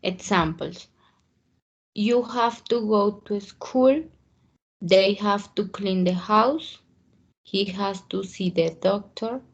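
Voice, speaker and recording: Woman reading aloud very slowly. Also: medium pitch, muffled recording. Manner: slow, careful, halting reading. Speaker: student.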